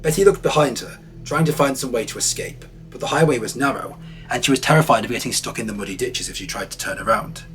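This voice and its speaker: A man's voice: medium pitch, fast, fairly bright tone. A man giving scripted, dramatic narration for an audio documentary, telling the story vividly. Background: faint music.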